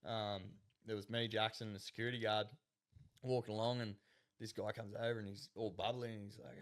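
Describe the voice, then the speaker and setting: Man, Australian accent, podcast guest, rambling storyteller, laughs often, mid pitch. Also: expressive, a little fast. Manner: rambling, laughs often, acts out quoted voices. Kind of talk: casual storytelling chat.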